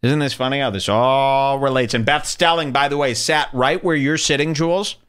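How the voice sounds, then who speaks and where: Speaking at normal speed in a clean, medium-pitched voice, a podcast host uses a studio microphone to comment casually and sarcastically on video clips. He tells stories in an animated way.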